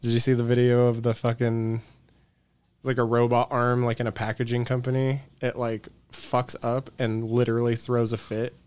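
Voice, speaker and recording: Male co-host, excitable, swears, filler-heavy storyteller. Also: mid-range voice, normal speed, clean tone. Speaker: podcast co-host. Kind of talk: casual podcast banter.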